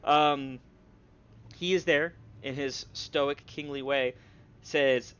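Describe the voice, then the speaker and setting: A man narrating as game master, halting and searching for words as he voices a dwarf king. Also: medium pitch, steady tone, a bit bright, clear, resonant tone. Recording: slightly dull stream audio with faint hum.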